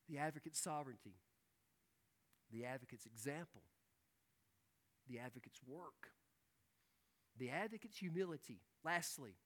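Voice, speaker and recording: A man preaching a sermon, reading scripture aloud and swinging from loud emphatic peaks to hushed low lines. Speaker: pastor.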